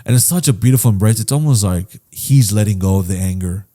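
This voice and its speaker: Mellow-voiced man, candid and profane. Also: on the low side, fairly quick. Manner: earnest, heavy swearing, trailing restarts; candid and reflective. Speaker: podcast host. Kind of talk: casual podcast chat.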